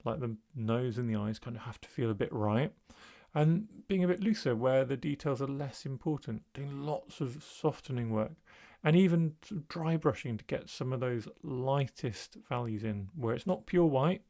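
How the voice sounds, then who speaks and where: A man's voice: mid-range voice, moderate pace, vocal fry. Male art tutor, mid-range voice, casual demo voice-over with fillers. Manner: relaxed, thinking aloud with fillers. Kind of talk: voice-over narrating a painting demo.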